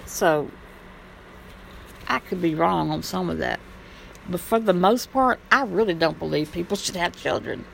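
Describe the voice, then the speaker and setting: Gravelly woman ranting in a blunt vlog. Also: fairly low pitch, a little slow, pauses often, fairly bright tone, slight background noise, rough recording. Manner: blunt, rambling and impassioned, swears freely. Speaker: vlogger. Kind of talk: casual monologue.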